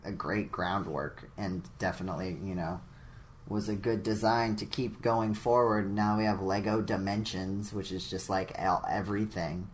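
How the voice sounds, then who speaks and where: A man's voice: deep voice, steady tone, moderate pace, slight background noise. A man co-hosting a casual gaming podcast, rambling with lots of fillers and playfully hamming up his sign-off. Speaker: podcast co-host.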